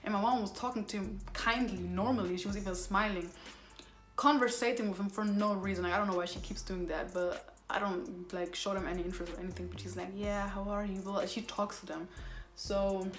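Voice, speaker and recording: A woman's voice: mid-range voice, steady tone, normal speed, reverberant, soft background music. A young woman vlogger telling a casual storytime, rambling and using a lot of fillers. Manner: rambling retelling, filler-heavy with constant "like".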